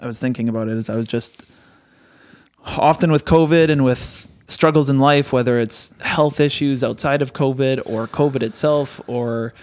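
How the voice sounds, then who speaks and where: A man's voice: medium pitch, normal speed, darkish tone, clean tone, no room sound. A man who preaches, co-hosting a podcast and reflecting aloud in hesitant, thoughtful casual chat. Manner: thoughtful, hesitant restarts, talks through ideas. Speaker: pastor and podcast co-host.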